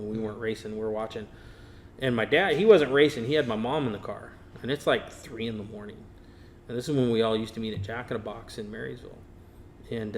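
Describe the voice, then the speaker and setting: Man telling an animated story. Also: medium pitch, slight background noise. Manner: animated storyteller, acts out quotes. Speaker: guest, race car builder. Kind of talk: casual storytelling. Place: podcast studio.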